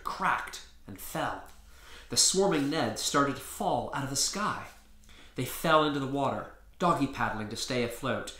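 A man reading his own story aloud in a lively storybook narration. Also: medium pitch, reverberant. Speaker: author reading his book.

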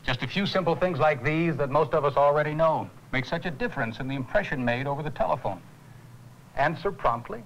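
An actor playing a calm, patient mentor who teaches customer service, in a 1980s educational film. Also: male voice, fairly high pitch, fairly quick, low-quality recording. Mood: instructive. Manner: calm, instructive. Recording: faint hiss on an old tape transfer.

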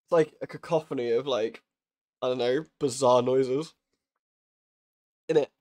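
A man's voice: mid-range voice, fairly even intonation, unhurried, darkish tone. A young man chatting casually while live-streaming a horror game, joking, swearing and laughing often.

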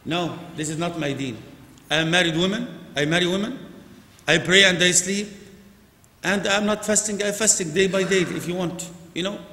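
A man giving a Friday sermon in English, rising to loud emphasis and dropping to quiet asides, recorded in a large mosque hall. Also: sits high. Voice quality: non-native English with Arabic phrases. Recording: echoey mosque hall with long reverb.

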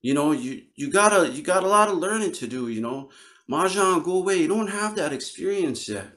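A man's voice: fairly high pitch, expressive, brisk, fairly bright tone, voice pushed up. A man voicing impatient village elders scolding a child in a spoken folk tale.

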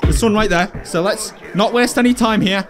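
Upbeat young male game host, high-pitched, talks excitedly to his enemies while he plays. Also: fairly quick, background noise. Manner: excitable, playful, chatty with enemies. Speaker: gaming video host. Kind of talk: VR gameplay commentary.

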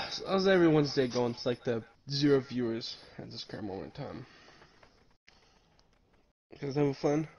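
A man's voice: mid-range voice, moderate pace, gravelly, pauses often, a little mellow, slightly rough. A young man telling a story in casual podcast chat, rambling and swearing and saying "like" often. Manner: rambling, profane, full of "like". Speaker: podcast host. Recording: dull lo-fi with faint hiss.

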